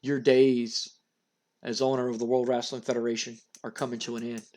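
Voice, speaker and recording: A man doing a slow, menacing undead wrestler. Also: flat delivery, a little mellow, close to an everyday voice. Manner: slow, low, threatening. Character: menacing undead male wrestler, dark and ominous.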